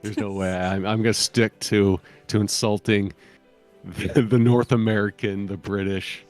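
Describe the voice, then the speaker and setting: A man's voice: on the low side, level tone, a little slow, faint music behind. A man chatting casually on a live stream, rambling and joking and laughing often. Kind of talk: casual chat.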